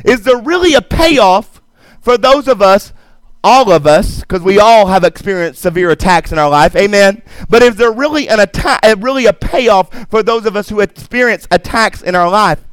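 A man's voice: high-pitched, expressive, moderate pace, clean tone, no echo. A man preaching a sermon, emphatic, repeating phrases and calling out to the congregation. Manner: emphatic preaching with repetition and call-and-response asides. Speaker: pastor. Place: church sanctuary.

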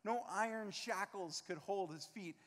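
A pastor preaches a sermon in a large church sanctuary, his voice high-pitched, unhurried, and fairly bright. He's earnest and emphatic, acting out scenes from the scripture passage.

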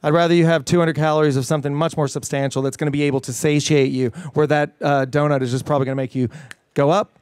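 A middle-aged man as the guest in a casual interview, talking with animated enthusiasm and many fillers and restarts. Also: a little high, fast, smooth, no room sound, studio quality. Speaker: fitness trainer guest.

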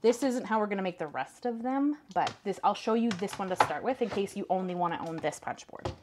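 A woman's voice: medium pitch, animated, a little fast, noisy background. Chatty young woman crafting on a live stream. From Canada. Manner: chatty, indecisive, talks to chat and her cat. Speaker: craft video host. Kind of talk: casual live-stream chat while crafting.

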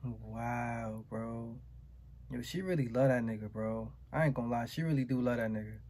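A host giving slangy, casual reaction commentary with drawn-out remarks. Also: mid-range voice, warm tone.

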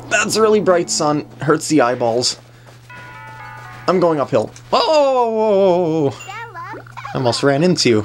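A woman giving playful, chatty commentary on a video game she is playing, often talking to the characters on screen. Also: rumbling low. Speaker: gaming commentator. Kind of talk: let's play commentary. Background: faint game music.

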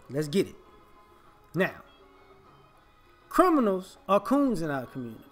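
A man, delivering an emphatic, confrontational opinion monologue as a vlogger. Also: sits high.

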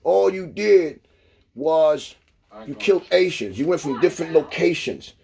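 A man's voice: fairly high pitch, expressive, unhurried, creaky, dark tone. A man doing a profane, preachy rant into the camera, hammering the same phrases over and over. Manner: repetitive, emphatic, preachy. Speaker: vlogger. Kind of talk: profane street-talk rant.

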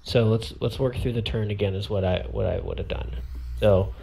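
His voice is lowish, gravelly, and warm, at a normal pace, with slight background noise behind it. He's a miniatures player talking himself through a turn, counting squares and self-correcting as he shows the moves.

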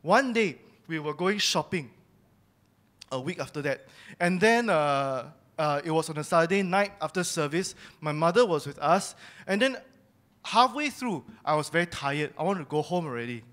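A young man with a notably high voice tells a personal church testimony. He speaks candidly and confessionally, admitting his own faults as he shares his story. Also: expressive, normal speed, a bit bright.

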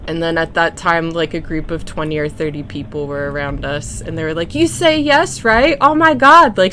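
A young woman streaming a game from home, chatting casually and telling a story with giggles and lively quoted voices. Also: on the low side, slight background noise. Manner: chatty storyteller, giggly, animated when quoting people. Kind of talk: casual gameplay chat.

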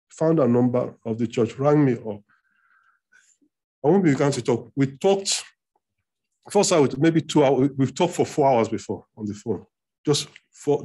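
A man preaching as pastor, emphatic, repeating phrases and climbing higher on key points. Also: warm tone, husky. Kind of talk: sermon. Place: church hall.

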